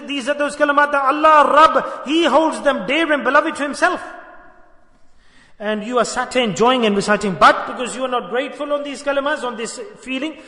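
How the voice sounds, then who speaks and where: A man's voice: very high-pitched, bright, forceful tone. A man preaching a sermon to a dhikr gathering, earnest and repetitive, questioning his listeners and mixing in Arabic devotional phrases. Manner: earnest, repeats phrases, asks the audience questions. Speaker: Sufi sheikh teaching a dhikr gathering. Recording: echoey hall with long reverb.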